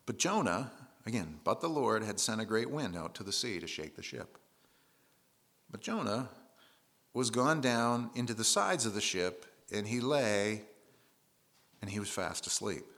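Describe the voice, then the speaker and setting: A man's voice: on the low side, lively intonation, measured pace, fairly bright tone. A man preaching a conversational sermon, retelling scripture in everyday words with casual asides.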